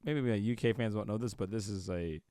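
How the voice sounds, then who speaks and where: A man co-hosting a casual podcast chat, animated and quick to laugh. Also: lowish voice, dry recording. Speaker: co-host.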